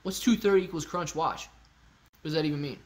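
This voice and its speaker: Male streamer, slightly high pitch, casual and joking, reads chat aloud. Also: quick pace. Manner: joking, loose, talks to chat by name. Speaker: livestream host. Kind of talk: casual livestream chat reading comments. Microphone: phone used as webcam.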